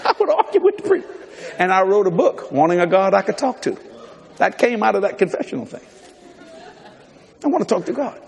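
Folksy male preacher, animated and laughing through his stories; a lively, swooping delivery, with a faint audience behind him. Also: high voice, brisk, creaky, a faint crowd. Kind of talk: humorous storytelling sermon. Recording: reverberant hall with live audience.

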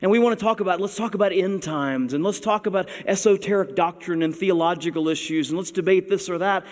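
A man's voice: high voice, fast. A man preaching a sermon in a conversational, wry manner with playful emphasis. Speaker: pastor. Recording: long hall reverb.

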